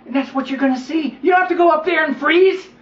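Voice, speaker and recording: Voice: high-pitched, fast talker, fairly bright tone, a little hiss or hum, pitched above the performer's own voice. A storyteller voicing a sly male rattlesnake who casually coaxes a boy into carrying him. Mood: coaxing. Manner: wheedling, casual, says "man". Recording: dull roomy recording from a distance.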